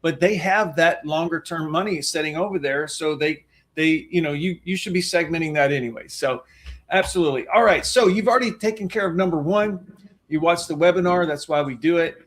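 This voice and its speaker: Speaking a little fast in a slightly high voice, a man co-hosting a webinar as a financial planner presents in an emphatic, folksy manner. He talks with his hands, like he's up on a soapbox.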